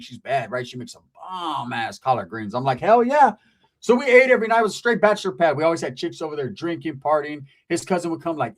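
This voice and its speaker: A man telling a casual story in slangy, profane speech, acting out the people he quotes. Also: fairly high pitch.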